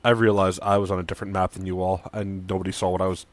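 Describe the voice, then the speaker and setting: A man narrating as game master of a tabletop role-playing game, telling the scene in a relaxed storytelling way. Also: low-pitched, racing.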